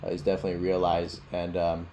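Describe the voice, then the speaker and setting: A man with a very deep, low voice leads a meditation session and answers questions over a video call. He talks in a relaxed, rambling way and laughs often. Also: fast, slight background noise. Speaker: meditation teacher. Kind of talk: casual teaching and Q&A.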